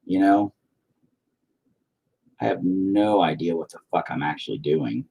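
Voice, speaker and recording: Husky low-voiced man rambling. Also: a little slow, warm tone. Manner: profane, self-deprecating, wandering. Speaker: painter talking to camera. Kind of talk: rambling casual monologue.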